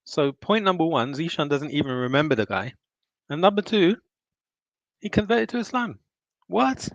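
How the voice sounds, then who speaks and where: Eating as he reacts to a video on his live stream, a man chats casually, laughs a lot, and pauses to rewind. His voice is fairly high and very animated at a normal speed, recorded on a dull, dry, lo-fi mic.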